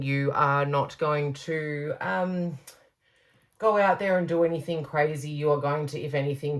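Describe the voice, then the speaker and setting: A woman giving a pick-a-card tarot reading, gushing and reassuring, stretching out her emphatic words. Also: extremely low pitch.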